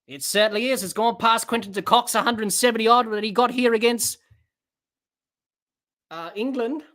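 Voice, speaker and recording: A woman hosts a live cricket watch-along podcast with a bright, forward voice that sits a little high. She talks listeners through each ball, reads their comments aloud and breaks into excited shouting when the big shots land. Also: moderate pace.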